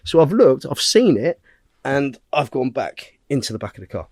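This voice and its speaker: Casting note: a male podcast guest, mid-pitched and recorded dry and close, telling a story bluntly with constant swearing. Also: sing-song, moderate pace, vocal fry, a little mellow, dry recording.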